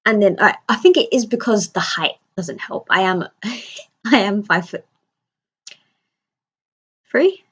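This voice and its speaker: Woman, thirties, husky voice, chatty storyteller, dull lo-fi stream audio. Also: medium pitch, measured pace, long pauses. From United Kingdom. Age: 30s. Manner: chatty, animated retelling with quoted voices. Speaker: livestream host. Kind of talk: casual storytelling chat. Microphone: laptop or phone mic.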